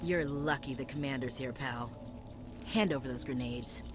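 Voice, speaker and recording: A woman's voice: very deep voice, moderate pace. An actress playing a hot-tempered female marine in a video game, angry and contemptuous. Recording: game audio with music behind.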